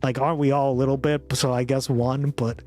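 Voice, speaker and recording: A man's voice: medium pitch, little pitch movement, a little fast, darkish tone, soft background music. A man with a Boston accent hosting a casual livestream, rambling with many fillers and frequent laughter. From Boston area. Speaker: streamer host.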